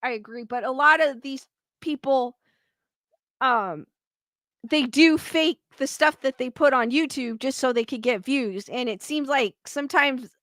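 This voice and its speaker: A woman's voice: high voice, measured pace, a bit bright, no room sound. A woman hosting a paranormal livestream, chatting casually with viewers and rambling candidly as she vents her frustration. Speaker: paranormal YouTube host live-streaming. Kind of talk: casual livestream chat, reading viewer comments.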